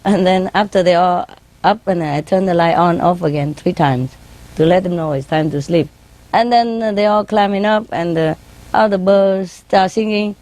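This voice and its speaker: Woman teacher chatting to a crowd about her pets, lowish voice, broken english, laughs a lot and does little bird noises. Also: normal speed, a little mellow, low-quality recording. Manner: chatty, laughs often, playfully mimics her birds' chirps and calls; non-native English grammar, frequent "you know". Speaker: spiritual teacher. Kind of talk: informal anecdote told to an audience.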